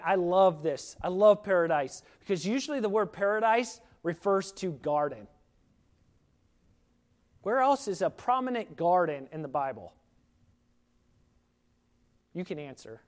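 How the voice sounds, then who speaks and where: Male preacher, high tenor register, earnest and emphatic sermon delivery.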